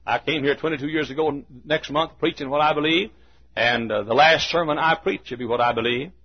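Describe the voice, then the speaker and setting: An older man preaching a sermon in a church, telling a story in a folksy, chuckling way and swinging from hushed asides to loud, emphatic lines. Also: on the high side, a little fast, slightly rough, dull audio. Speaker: pastor.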